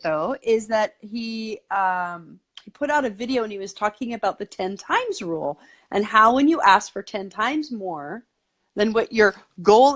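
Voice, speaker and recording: A woman guest in a casual interview, talking eagerly and at length, with lots of "like" and "you know.". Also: mid-range voice. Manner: eager, talkative, peppered with "like".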